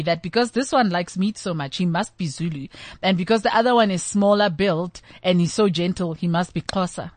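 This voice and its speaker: A middle-aged woman with a South African accent, chatting and telling stories in an animated way, acting out the people she quotes. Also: lowish voice, normal speed, dry recording. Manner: animated storyteller, acts out quoted voices. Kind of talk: casual chat.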